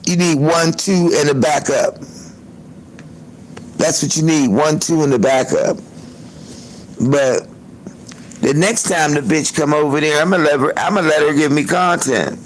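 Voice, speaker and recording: A man's voice: a little high, a little slow, long pauses, a little hiss or hum, low-quality recording. A man hosting a livestream, telling a story in a loose, profane, chatty way, laughing often, into a phone. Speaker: livestream host.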